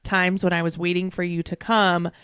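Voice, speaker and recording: A woman's voice: lowish voice, level tone, moderate pace, a bit bright, smooth, no room sound. A woman with a New Jersey accent, co-hosting a podcast in a casual chat, wry and exasperated in tone. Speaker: podcast co-host.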